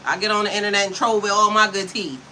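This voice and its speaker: Sassy, bright-voiced woman in her fifties. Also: medium pitch, fairly even intonation, fast talker, a little hiss or hum, low-quality recording. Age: 50s. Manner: sassy, profane, laughing often, addressing chat directly. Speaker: spiritual coach livestreaming to chat. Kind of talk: casual livestream chat.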